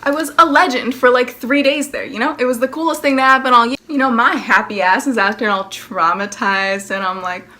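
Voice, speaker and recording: Talking fairly quickly with hardly any pauses, this late-teen vlogger has a fairly high, sharp-toned voice. She tells a casual storytime full of sarcasm, swearing, and constant "like," slipping into over-the-top impressions that mock others.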